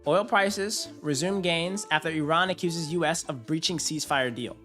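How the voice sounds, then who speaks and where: A man's voice: fairly high pitch, moderate pace, sharp tone, faint music behind. A man hosting a casual live stream, hyped and slangy, talking to his chat. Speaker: finance streamer.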